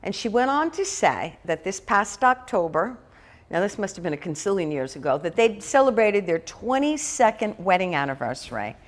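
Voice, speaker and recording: Chatty, lively woman minister preaching. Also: mid-range voice. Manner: lively, chatty preaching with asides and quick laughs. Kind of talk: sermon. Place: church hall.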